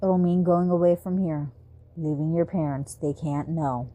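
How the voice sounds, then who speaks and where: A woman reading a soft-spoken, grave teen vampire boy, mellow and low, for an audiobook. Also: steady tone. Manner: quiet, slow and serious.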